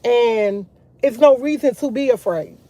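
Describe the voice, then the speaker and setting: A woman's voice: a little high, a little slow, warm tone, no echo. Woman vlogger, casual rambling faith chat, dry close recording. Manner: rambling, restarts often, talks to viewers as y'all.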